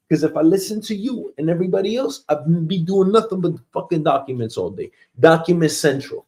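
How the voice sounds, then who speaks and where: A man's voice: a little high, expressive, fairly quick, few pauses, a little mellow. A man hosting a casual show, ranting profanely in a mocking way and acting out quoted coworkers. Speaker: host.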